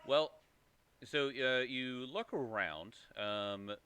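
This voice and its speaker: Game master, male, bright voice, halting delivery with plenty of fillers. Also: mid-range voice, a little hiss or hum. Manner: halting, with many fillers and repeats. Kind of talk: narrating a tabletop game.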